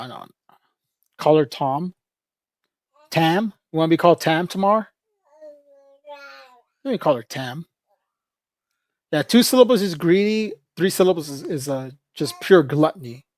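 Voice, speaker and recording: A man's voice: a little high, animated, normal speed, pauses often, no room sound. A man livestreaming in a casual, rambling chat, joking with viewers, laughing often and calling people "bro".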